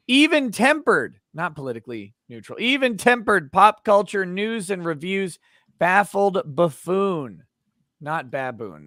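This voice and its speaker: A man hosting a casual livestream, reading viewer chats aloud with wry, relaxed asides. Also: on the high side, no room sound, clean studio sound. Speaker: livestream host reading chat.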